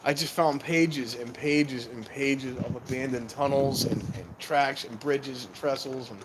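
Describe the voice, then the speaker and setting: A man's voice: mid-range voice, unhurried, hardly any pauses, background noise. A man in a casual live-stream chat, rambling to his viewers as he wanders around outdoors near a train station. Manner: rambling, talks to viewers while walking about. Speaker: vlogger.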